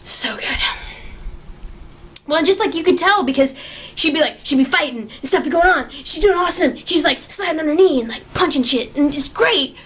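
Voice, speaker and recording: A young woman with a bright, high voice chats casually about a film she loves. Her talk is excitable and gushing, peppered with swearing and constant fillers as she rambles from one favorite moment to the next. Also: normal speed. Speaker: movie reviewer. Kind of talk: casual chat.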